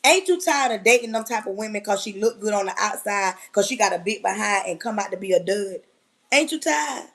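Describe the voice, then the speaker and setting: A woman giving a fervent, preachy motivational talk on a live stream, hammering repeated phrases and often yelling. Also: medium pitch, animated, fairly quick.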